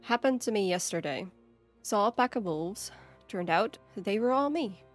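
Woman voicing a gruff shape-shifting elf woman. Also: medium pitch, expressive, moderate pace, soft background music, natural voice. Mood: terse. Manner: growling, terse and commanding.

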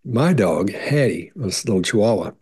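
Brief: middle-aged man, husky, lowish voice, loose rambling explainer who restarts his sentences. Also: animated, moderate pace, darkish tone. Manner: rambling, repeats words, many restarts and fillers; acts out quoted voices in higher pitch. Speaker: behavior analyst answering viewer questions. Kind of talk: casual explanatory talk.

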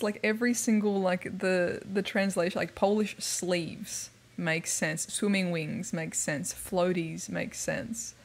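A woman's voice: medium pitch, vocal fry. A woman streaming a video game, chatting casually and playfully with lots of giggles. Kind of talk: casual livestream chat while playing a video game.

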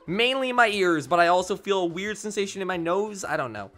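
Sarcastic male gaming streamer, mid-pitched, very animated swings, game music faint behind. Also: brisk. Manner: mocking, sarcastic, laughs a lot. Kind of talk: let's play commentary.

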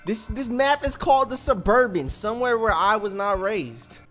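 A man giving excitable gameplay commentary as a gaming YouTuber, yelping and screaming when scared. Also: music in the background. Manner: rapid high-pitched panicky exclamations.

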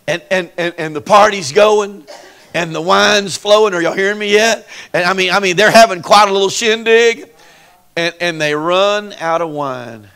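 A man's voice: high-pitched, measured pace, a bit bright, smooth. A man preaching a Pentecostal sermon in a folksy, dramatic way, acting out the people in the story and calling on the congregation to respond. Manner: folksy, dramatic, acts out voices, call-and-response. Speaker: pastor.

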